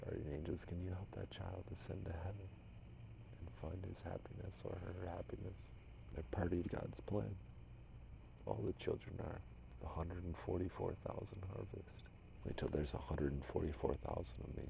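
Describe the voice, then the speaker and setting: A man from Minnesota talking casually to unseen spirits as a medium, rambling and shifting between loud commands and soft whispers. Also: sits low, steady tone, moderate pace, vocal fry, highs cut off, background noise. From Minnesota, USA.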